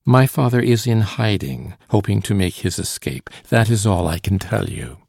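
A man's voice: on the low side, expressive, moderate pace, gravelly, a little mellow, breathy edge, no echo, clean studio sound, heavily acted. A man voicing an earnest young woman who protects her father, reading with a pleading, slightly raised tone in an audiobook.

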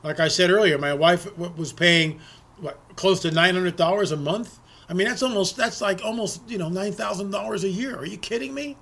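A middle-aged man speaks in a high, bright, forward tone. He rants through a commentary monologue, stumbling into restarts and pressing rhetorical questions. He sounds worked up the whole way. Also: normal speed. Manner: impassioned, repetitive, ranting with frequent restarts. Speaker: political commentary host. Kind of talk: opinion monologue.

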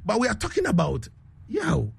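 Ghanaian male radio host, high husky voice, lively and laughing, reads listener messages. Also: moderate pace. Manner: animated, laughs often, repeats "you understand me". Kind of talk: casual radio chat reading listener messages.

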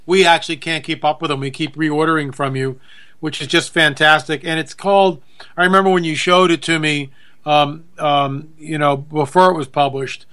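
A man's voice: on the high side, steady tone, moderate pace, fairly bright tone. A middle-aged man hosting a radio talk show, chatty and self-deprecating, in a folksy manner. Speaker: radio host.

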